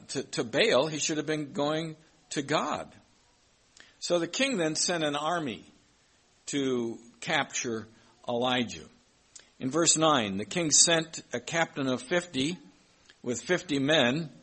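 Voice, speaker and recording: A man preaches a sermon, reading Bible verses aloud and explaining them with some hesitant restarts. His voice is medium-pitched, a bit bright, and husky, and the recording is rough.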